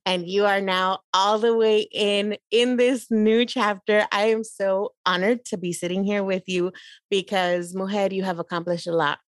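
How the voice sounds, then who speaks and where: A woman's voice: medium pitch, steady tone, normal speed, no echo, studio quality. A woman from Los Angeles, a podcast guest, bubbly and effusive, switching between English and Spanish. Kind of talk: casual interview chat.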